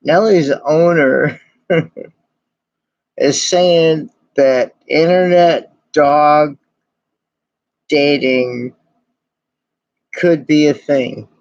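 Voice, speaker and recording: A man's voice: fairly high pitch, drawn-out words, long pauses, dry recording, lo-fi sound. A man streaming and chatting casually, giggling and laughing constantly between his phrases. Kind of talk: casual chat.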